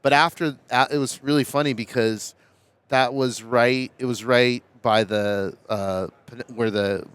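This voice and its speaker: A man with a mid-range voice, hosting a casual podcast at a trade show. He tells reflective stories about racing and checks in with 'right?' and 'you know?'. His delivery is relaxed and conversational. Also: mid-range voice, unhurried, clear, resonant tone, dry recording. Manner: reflective storyteller, tags with 'right?'. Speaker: podcast host.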